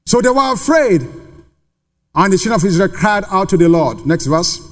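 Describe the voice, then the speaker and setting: A man's voice: high voice, sing-song, moderate pace. A man preaching a sermon to a congregation in a church, emphatic and full of rhetorical questions. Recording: long reverb of a large hall.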